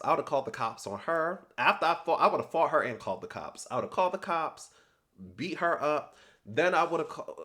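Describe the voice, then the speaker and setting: In a medium-pitched voice, a young man gives a sassy, lively rundown of a reality TV episode. He voices the cast's lines and drops slangy side comments.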